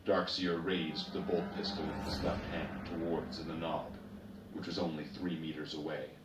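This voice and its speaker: Male storyteller with a very deep voice, giving steady, unhurried narration in an echoey room. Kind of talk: story reading. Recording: roomy, distant, noisy ambience.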